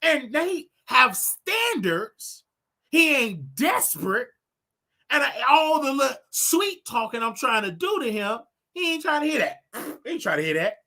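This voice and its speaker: A man hosting his own show, ranting and preaching to his audience in a casual, animated way with loud outbursts. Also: very high voice, unhurried. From United States. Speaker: show host. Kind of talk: casual livestream rant.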